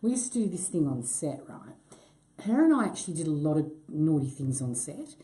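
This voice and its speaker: Middle-aged aussie woman chatting, self-deprecating, mellow voice, pitch going all over. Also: brisk. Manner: self-deprecating, laughs easily, swears when excited. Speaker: actress being interviewed. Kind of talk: casual chat.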